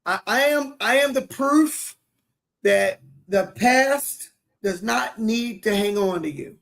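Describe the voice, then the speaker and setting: A man in his forties co-hosting a podcast, talking earnestly and warmly about fatherhood, often repeating words as he gathers himself. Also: sits high, slow pace, gravelly. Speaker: podcast co-host. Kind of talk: heartfelt casual conversation.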